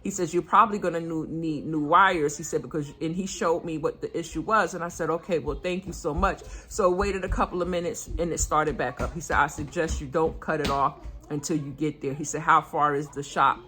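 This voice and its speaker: A woman's voice: sits low, steady tone, brisk, pushed and bright, soft background music. Earnest older woman telling a story. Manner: chatty, earnest, retelling with quoted dialogue. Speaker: vlogger. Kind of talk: casual storytelling vlog.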